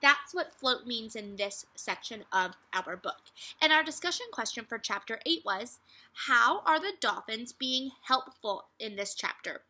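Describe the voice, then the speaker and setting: A young woman teacher speaks to second graders with a very bright, ringing tone. Her pitch sits a little high, and she explains things patiently, often asking "right?" to check in. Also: lively intonation. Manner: friendly, explains slowly with questions like "right?". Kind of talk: teacher reading aloud to children.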